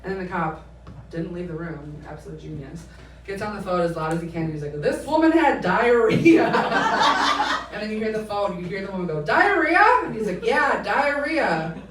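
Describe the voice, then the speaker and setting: A woman in her twenties performing a stand-up comedy set, telling stories in an animated way and acting out the voices of the people in them. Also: on the low side, fast talker. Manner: animated storytelling that acts out quoted voices, laughing between lines. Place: comedy club stage. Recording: roomy live club sound, mic at a distance, loud audience.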